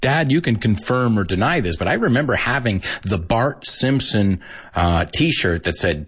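An American man hosting a casual podcast language lesson, animated and chuckling often as he switches between English and Spanish. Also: fairly low pitch, moderate pace, husky. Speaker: language teacher and podcast host.

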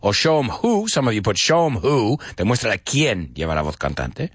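A man hosting a live-streamed English lesson in a playful, animated way, switching between English and Spanish. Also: lowish voice, a little fast, slightly rough, no echo, studio quality. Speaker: host.

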